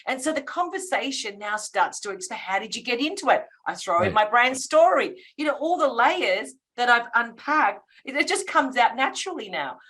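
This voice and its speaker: A woman's voice: a little high, very animated, moderate pace, few pauses, fairly bright tone. A woman guest on a podcast interview, a branding coach who speaks with emphatic enthusiasm and often acts out little bits of dialogue.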